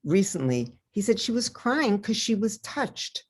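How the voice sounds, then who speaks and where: An older woman author in an interview, telling personal stories in a lively way and acting out the voices of the people she quotes. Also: mid-range voice, measured pace, slightly rough. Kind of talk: storytelling interview over video.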